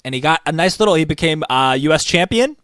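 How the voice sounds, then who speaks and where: A man's voice: on the high side, expressive, fast, fairly bright tone, smooth, no room sound. A man co-hosting a casual wrestling chat, telling stories with enthusiasm as he counts down a list. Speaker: wrestling podcast co-host.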